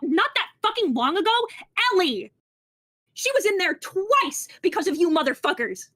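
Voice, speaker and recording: Woman, very high voice, angry, swears constantly, bright and lively. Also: moderate pace. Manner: angry, cursing heavily. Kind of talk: role-play confrontation in a voice call.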